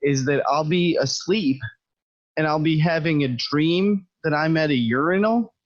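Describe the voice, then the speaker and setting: A man's voice: fairly high pitch, measured pace, dry recording, lo-fi sound. A man in his twenties co-hosting a podcast, telling crude stories in casual, profane, exasperated chat. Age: 20s. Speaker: podcast co-host.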